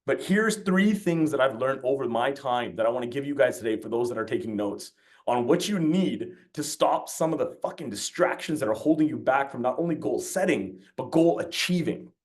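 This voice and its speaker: A man's voice: mid-range voice, expressive, moderate pace. A man giving a motivational talk, telling stories bluntly and swearing freely. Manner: blunt and profane, with storytelling energy. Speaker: motivational speaker.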